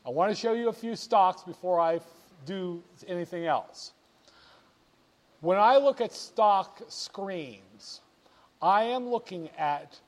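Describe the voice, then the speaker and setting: High-voiced, animated finance instructor man. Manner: animated and playful, asks the viewer rhetorical questions. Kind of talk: screen-share lesson on market charts.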